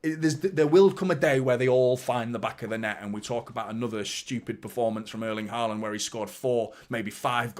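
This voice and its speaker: A young man hosts a live football fan reaction, passionate and blunt, with plenty of swearing. He riffs on the match and answers viewers' chat messages as they come in. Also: mid-range voice. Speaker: football fan channel host.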